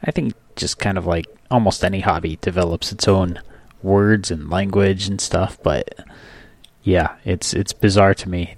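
Low-voiced man co-hosting a chatty podcast. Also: fairly even intonation, unhurried, no room sound. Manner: easygoing, joking, chatty. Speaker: podcast co-host. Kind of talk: casual chat.

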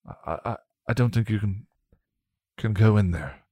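A man's voice: fairly low pitch, a little slow, warm tone, no room sound. A man voicing a timid, frightened young man who stammers and pleads in fear.

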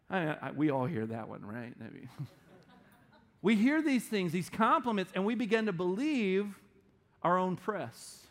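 A middle-aged man preaching a sermon as pastor, animated and playful, slipping into quick put-on voices. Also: high-pitched.

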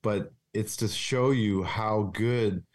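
Slow and fairly low-pitched, this male police officer is the guest in a frank interview. He comes across as earnest and confessional, his speech dotted with fillers and frequent restarts.

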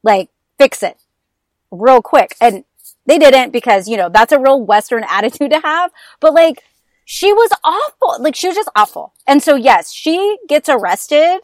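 A woman with a fairly high voice talks about dramas in a sassy, emphatic way. She tells scenes like stories, acting them out as she goes. The sound is dry and close, with no room echo. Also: moderate pace. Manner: animated storyteller who acts out scenes. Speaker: podcast guest. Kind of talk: casual chat about TV dramas.

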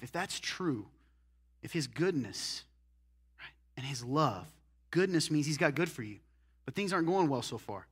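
A man preaching a sermon as pastor, animated, moving between loud emphatic lines and hushed, intense ones. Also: mid-range voice, normal speed, slightly rough.

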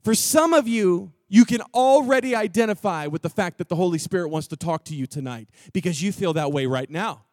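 A man's voice: high voice, animated, a little fast, hardly any pauses, no echo, clean studio sound. A man from Texas preaching a sermon, telling a story in a loose, slangy way with offhand asides. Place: church gathering room.

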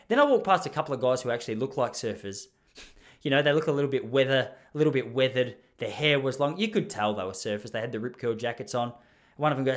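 A man's voice: medium pitch, fast. A young man with an Australian accent telling a comic story in a rambling, self-mocking way, as a podcast host.

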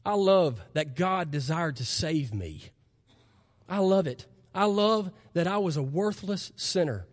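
High-voiced man preaching in a reverberant hall. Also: animated, measured pace. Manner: earnest preaching with rising emphatic passages. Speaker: pastor. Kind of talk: sermon. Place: church sanctuary.

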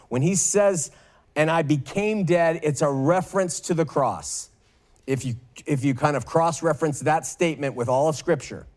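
A man teaching a verse-by-verse Bible study, slowly working through Greek wording and often checking in with "okay?". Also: fairly high pitch, darkish tone. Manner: slow, deliberate reading of Greek with frequent "okay?" checks.

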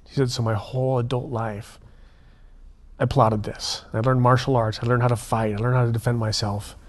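A man, a prison minister and guest, telling a story in an earnest, animated way and acting out the dialogue. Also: medium pitch, normal speed. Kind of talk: conversational storytelling.

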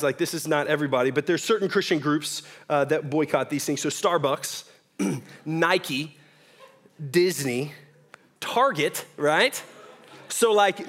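A man's voice: a little high, a bit bright. A young man preaching a sermon in a church, casual and joking, often asking "right?". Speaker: pastor. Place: church hall with audience.

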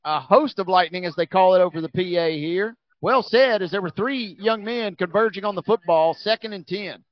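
Male play-by-play caller, higher voice, energetic, dry lo-fi broadcast sound. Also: moderate pace, dry recording. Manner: energetic, rising on big plays. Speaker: play-by-play announcer. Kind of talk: high school football commentary.

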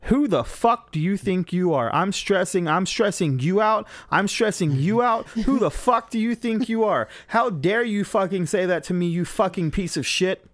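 A woman's voice: medium pitch, expressive, moderate pace, few pauses, no echo, pitched above the performer's own voice, natural voice. A man voicing a furious young woman who swears constantly and repeats her insults as he reads a story aloud. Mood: furious, cursing. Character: furious young woman, foul-mouthed girlfriend.

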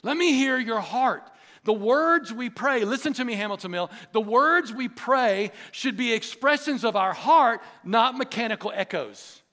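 A pastor preaching a sermon, in an earnest, emphatic style that repeats phrases for weight. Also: male voice, very high-pitched, animated, moderate pace, few pauses, bright, forceful tone.

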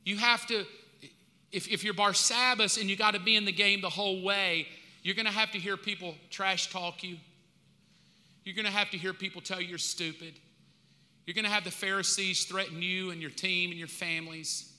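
Here the preacher's high voice stays steady and sharp, moving at normal speed through a relaxed, slang-flecked sermon. He's an American pastor, and the big hall around him adds long reverberation.

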